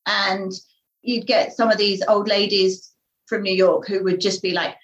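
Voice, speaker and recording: A British woman telling stories from her purser days in a lively, casual way, laughing often and acting out the people she quotes. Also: medium pitch, measured pace, reverberant, highs cut off. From Britain. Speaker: guest recalling work as a ship purser. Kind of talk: casual chat.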